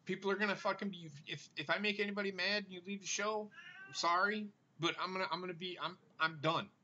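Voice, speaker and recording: A man hosting a wrestling stream, ranting angrily with lots of swearing while trying not to yell. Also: high-pitched, fairly even intonation, fast talker, highs cut off, a little hiss or hum. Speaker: wrestling show host. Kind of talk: angry live stream rant.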